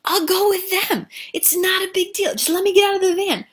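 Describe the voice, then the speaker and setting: A woman voicing an angry, gut-shot male store owner who yells his demands. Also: extremely high pitch, fairly even intonation, brisk, pitched above the performer's own voice. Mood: yelling, pleading. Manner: yelling, demanding.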